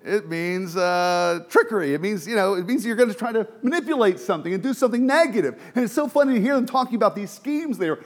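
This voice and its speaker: A middle-aged man preaching a sermon from the pulpit, chatty and self-deprecating, moving between quiet asides and emphatic exhortation. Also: high voice, animated, fast talker, hardly any pauses. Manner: conversational with self-deprecating humor, many restarts and fillers. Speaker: pastor.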